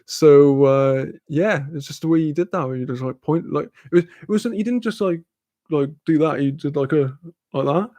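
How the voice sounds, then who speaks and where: A man's voice: on the high side, moderate pace, a little mellow, no room sound. A young man from Newcastle with a Newcastle accent chatting casually on a livestream, rambling, laughing often and swearing freely as he answers chat. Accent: Newcastle English. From Newcastle, England. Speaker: streamer reading chat.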